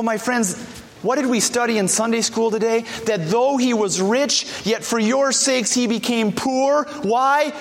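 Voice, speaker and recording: A man's voice: very high-pitched, a bit bright, big-room sound. A man preaching an earnest sermon as pastor, acting out the voices of the people he quotes.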